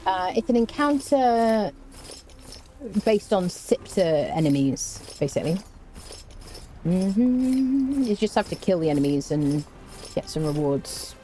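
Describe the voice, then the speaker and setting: A woman streams a game with casual commentary, chatting, humming little tunes, muttering to herself, and joking with both enemies and her chat as she plays. Her dark-toned voice is fairly low, with lively intonation at a moderate pace.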